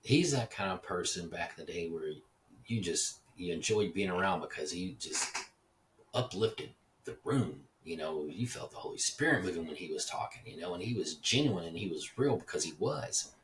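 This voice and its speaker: A man's voice: sits low, animated, normal speed, roomy sound, recorded from a distance, a little hiss or hum. A man casually telling a story in a profane, rambling, reflective way, acting out the dialogue. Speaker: podcast host. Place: echoey house.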